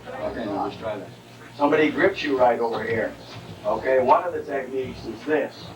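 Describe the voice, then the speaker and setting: Male karate instructor demonstrating at a seminar, mid pitch, distant and reverberant, noisy 1989 recording. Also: fairly quick. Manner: explanatory, keeps checking in with listeners. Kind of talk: seminar demonstration, explaining techniques. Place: training hall at a seminar.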